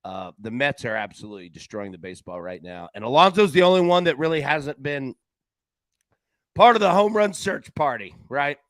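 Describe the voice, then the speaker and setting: A man's voice: mid-range voice, normal speed, no room sound. A man hosting a sports betting show, chatting casually in a loose, slangy way. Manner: animated, loose and slangy, lots of "man" and "dude".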